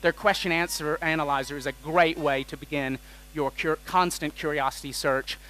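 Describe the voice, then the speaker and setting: Jokey, energetic male keynote speaker. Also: fairly high pitch, normal speed, low-quality recording. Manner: energetic and jokey, quizzing the audience. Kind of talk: lively conference talk. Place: conference stage.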